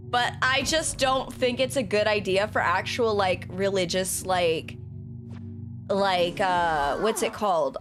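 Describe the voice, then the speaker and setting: A young woman vtuber chatting casually as she plays a game, swearing and breaking into sudden shouts. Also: medium pitch. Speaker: vtuber streamer. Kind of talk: casual gameplay commentary.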